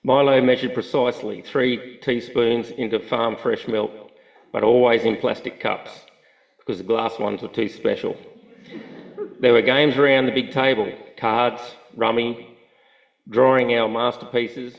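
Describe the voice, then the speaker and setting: A man giving a steady, fond eulogy for his grandmother at a funeral. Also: medium pitch, a little slow, gravelly. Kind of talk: read eulogy. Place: funeral chapel. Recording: dull, muffled audio.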